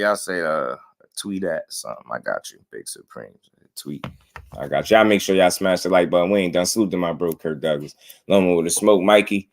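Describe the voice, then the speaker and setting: A man hosting a casual boxing livestream, laughing and talking to his chat. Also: deep voice. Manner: laid-back, laughing, talks to chat.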